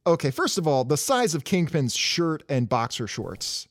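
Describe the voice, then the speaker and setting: A man's voice: on the high side, sing-song, normal speed, no echo, studio quality. A man hosting a casual podcast about comics, jokey and rambling, swearing casually. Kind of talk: casual chat.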